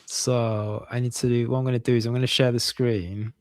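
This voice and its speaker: A man from northern England co-hosting a casual chat over a video call, halting often and laughing a lot. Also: medium pitch, flat delivery, a little mellow, no room sound, studio quality. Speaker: podcast co-host.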